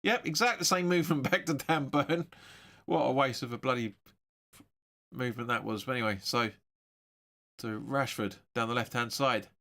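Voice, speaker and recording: A man hosting a football watch-along stream, giving excitable, sweary live match commentary. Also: mid-range voice, moderate pace, pauses often.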